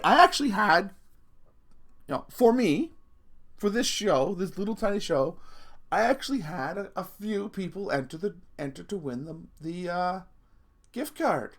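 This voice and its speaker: A man's voice: high-pitched, lively intonation, unhurried, pauses often. Rambling, profane middle-aged man vlogging. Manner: rambling, profane, laughing at himself. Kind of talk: casual rant to camera.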